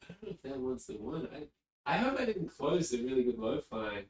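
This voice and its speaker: A man's voice: medium pitch, big pitch swings, a little fast. A man from England chatting casually on a live stream, rambling and easily distracted, often talking away from his desk microphone. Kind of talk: casual chat. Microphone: desk mic, often spoken from a distance. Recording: roomy echo, distant from mic.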